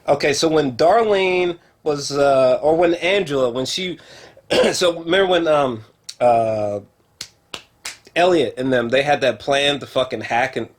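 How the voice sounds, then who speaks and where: A man reviewing a TV show in a casual, rambling way, full of fillers and swearing, talking to a camera at home. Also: on the high side. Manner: rambling, profane, lots of fillers; excitable, talks straight to camera. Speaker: film and TV reviewer.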